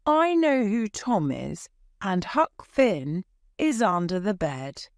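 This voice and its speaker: A woman's voice: medium pitch, sing-song, takes it slowly, no echo, clean studio sound, pitched above the performer's own voice. A woman doing a stern, knowing aunt.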